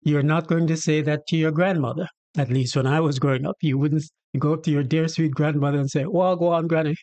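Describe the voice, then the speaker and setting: Speaking quickly in a fairly high voice, a host from Jamaica relaxedly explains his native Patois in his Jamaican accent, chatting and performing bits of dialogue. The recording has no echo.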